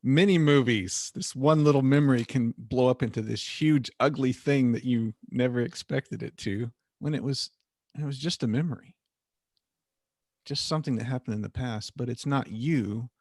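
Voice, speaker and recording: A man's voice: medium pitch, moderate pace, darkish tone, dry recording, studio quality. A man hosting a podcast interview, reflecting back and paraphrasing what his guest has said in a casual chat. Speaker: podcast host.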